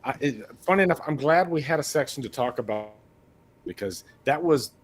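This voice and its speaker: A man from Mississippi talks through a film in a relaxed panel chat, his voice sitting at an ordinary middle pitch. He rambles, stumbles over repeated words and keeps an earnest tone. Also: fairly quick. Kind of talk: casual movie discussion.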